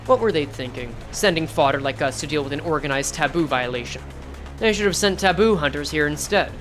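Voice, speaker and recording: A woman's voice: sits low, natural voice. A woman voicing a stern, officious male corporate enforcer who speaks formally and by the book. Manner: formal, procedural.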